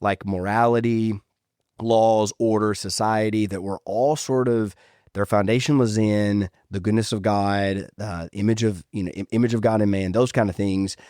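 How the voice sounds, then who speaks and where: Low-voiced male podcast host. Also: fairly even intonation, moderate pace, a little mellow, clear, resonant tone, no room sound, studio quality. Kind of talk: casual conversational interview.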